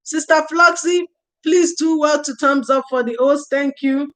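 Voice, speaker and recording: A woman's voice: sits high, fairly even intonation, unhurried, fairly bright tone, rough recording. A woman hosting a casual parenting livestream, reading out viewer comments, thanking viewers by name and giving earnest advice with repeated phrases. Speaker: livestream host. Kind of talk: casual livestream talk on early years parenting.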